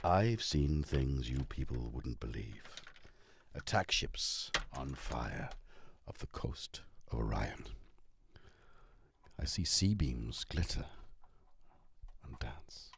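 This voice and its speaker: A man putting on the voice of a dying android man, speaking slowly in a hushed, grave way. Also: very deep voice, sing-song, creaky, slight background noise, voice pushed down, exaggerated voice. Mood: solemn. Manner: slow, hushed, grave delivery.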